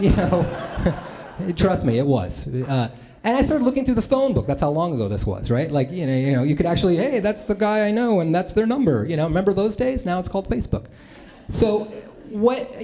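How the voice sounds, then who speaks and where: A man with a fairly high, warm voice, hailing from the US Midwest, entertains a live audience with comic tales about himself. His on-stage storytelling is chatty and self-mocking, sprinkled with remarks aimed at the crowd.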